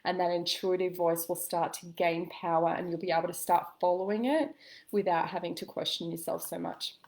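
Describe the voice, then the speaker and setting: A woman coaching listeners in a calm, gentle way, giving a spoken self-help lesson with slow pauses. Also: on the low side, gravelly. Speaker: intuitive coach.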